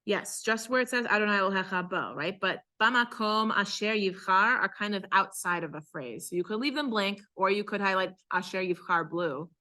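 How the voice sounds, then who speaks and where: Bright-voiced woman cantor teaching chant. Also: medium pitch. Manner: explains patiently, then chants phrases slowly. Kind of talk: class instruction with chanted examples. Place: synagogue class.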